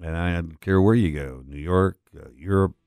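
A middle-aged man hosting a talk radio show, rambling and folksy with many filler pauses, on a studio broadcast mic. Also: low voice, darkish tone, smooth, dry recording.

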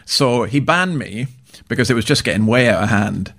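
A man's voice: medium pitch, animated, normal speed, fairly bright tone. A middle-aged Scottish man, a minister, talking casually as an interview guest, chatty and self-deprecating with many restarts. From Scotland.

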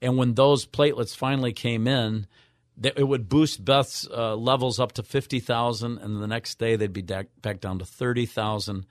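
A man's voice: medium pitch, fairly even intonation, moderate pace, no echo. An older man, a radio guest, earnestly telling an emotional personal story and acting out the voices of the people in it. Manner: earnest, acts out quoted voices with wide swings.

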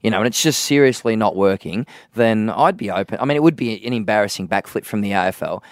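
Lively Australian radio co-host. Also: male voice, lowish voice, dry recording, clean studio sound. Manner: chatty, quick, laughs easily. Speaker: radio sports show co-host. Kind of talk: casual sports radio banter. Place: dry radio studio.

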